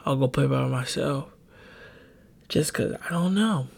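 A young man with a gravelly, mid-range voice hosts a solo confessional podcast from his bedroom at home, speaking close to a desk microphone. He takes his time, rambling and hesitant, open about himself and full of ums, restarts and self-corrections.

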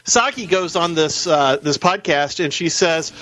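A man appearing as a guest on a talk radio show, arguing his points in an animated way with quick asides. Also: a little high.

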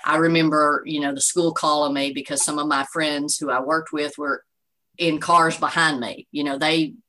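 Low-voiced woman sharing her faith testimony. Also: fairly even intonation, normal speed, sharp tone, rough recording. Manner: earnest, faith-filled storytelling with frequent "you know". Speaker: guest, bereaved mother. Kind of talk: emotional personal testimony.

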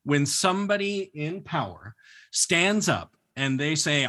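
A man hosting a podcast, chatting casually and playfully with a guest and joking often. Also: fairly high pitch. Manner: playful, expressive, quick to joke. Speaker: podcast host. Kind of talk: casual interview chat.

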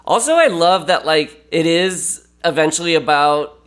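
A man speaks as a guest on a casual podcast, his voice sitting a little high for a man. He talks in a loose, animated way, circling back with restarts and fillers as he works his ideas out. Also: unhurried, faint music behind. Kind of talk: casual film discussion.

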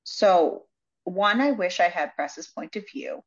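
A woman co-hosting a casual book club podcast, retelling the plot with lively acted-out quotes. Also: takes it slowly, muffled recording. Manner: animated retelling, acts out quotes in high voices. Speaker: podcast co-host.

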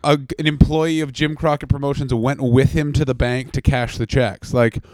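A man co-hosting a comedy podcast, telling stories in a profane, fast-talking casual chat. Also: medium pitch, steady tone, a little mellow, no echo. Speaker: podcast co-host.

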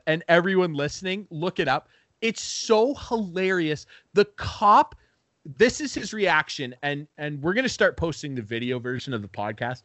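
A podcast host tells a story in casual chat, animatedly acting out the people in it and swearing freely. His voice sits high, and there's no echo.

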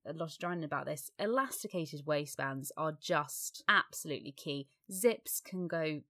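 Woman, podcast co-host, low pitch, gravelly fry, candid, sweary, rambling. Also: expressive, normal speed, pushed and bright. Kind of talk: casual podcast chat.

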